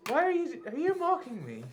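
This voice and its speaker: A man playing a tabletop game, animated and joking, quick to protest when teased. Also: very high voice. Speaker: player.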